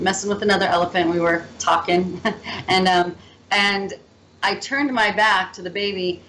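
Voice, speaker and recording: A young adult woman, a guest on an interview show, telling anecdotes in a lively, casual way. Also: medium pitch, slight background noise, rough recording. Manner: lively storyteller, laughs through anecdotes. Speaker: guest, entrepreneur and teacher.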